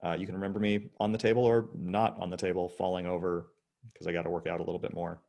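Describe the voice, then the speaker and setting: Teaching physics online in a casual, chatty way, this high school teacher acts out concepts with his body while explaining. His deep voice is level in tone and mellow, and he talks fast.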